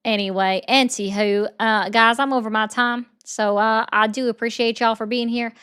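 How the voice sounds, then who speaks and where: A woman hosting a relaxed livestream chat. Her voice is smooth and clear and sits a little high. She rambles easily between viewer comments and thank-yous. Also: moderate pace. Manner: chatty, rambling, reads viewer comments aloud. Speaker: livestream host.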